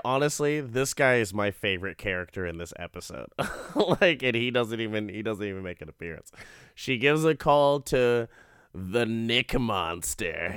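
A man rambles through a comedic recap of a show, swearing freely and laughing as he goes. His voice is smooth and resonant, and the sound is close and dry with no room echo. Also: medium pitch, fairly bright tone. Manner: profane, rambling, laughs often. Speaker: show reviewer.

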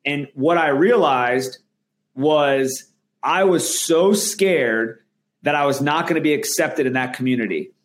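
A man's voice: fairly high pitch, a little slow. Male guest; earnest, emphatic talker with frequent restarts. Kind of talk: candid interview conversation.

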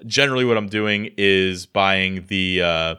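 American man, podcast co-host, lowish bright voice, rambling self-deprecating chatter. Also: a little slow, clear, resonant tone. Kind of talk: casual chat.

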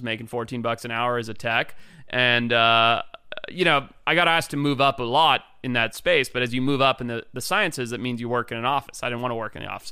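A man from Africa tells his stories as an interview guest, loose and animated, sprinkling "like" everywhere and jumping into other people's voices. His voice is bright and smooth, with clear, crisp diction. It is recorded dry on a close mic. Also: medium pitch, no echo. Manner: animated, loose and chatty with many "like"s, acts out other people's lines. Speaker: interview guest, wildlife biologist. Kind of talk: casual storytelling.

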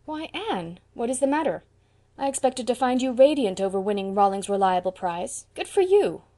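A woman voicing an earnest, sensible young college man in an audiobook, reasoning calmly. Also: fairly high pitch, moderate pace. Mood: concerned.

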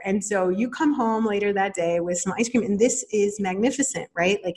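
A woman in her thirties hosting a podcast, talking casually and animatedly, acting out little quoted voices as she explains. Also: medium pitch. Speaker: podcast host. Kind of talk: casual teaching monologue.

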